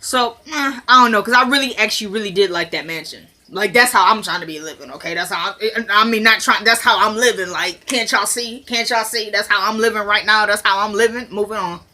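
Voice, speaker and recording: Animated young woman recapping a show. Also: medium pitch, brisk, few pauses. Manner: animated, opinionated, acts out the dialogue. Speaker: TV episode recap vlogger. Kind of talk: casual recap commentary.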